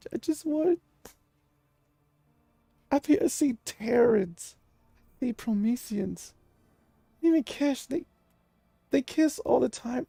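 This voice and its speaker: A man's voice: very high voice, gravelly, dark tone, no room sound, pitched above the performer's own voice, exaggerated voice. A man voicing a desperate, lovesick young male fighter who pleads and stammers.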